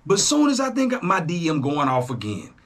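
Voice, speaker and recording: A young man talks straight to his viewers, his husky voice sitting fairly high. His speech leaps up and down in pitch as he fires off loud, profane jabs and drops into quieter asides. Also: moderate pace. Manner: animated, profane, swings between loud jabs and low asides. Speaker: YouTube reaction host. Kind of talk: casual monologue to camera.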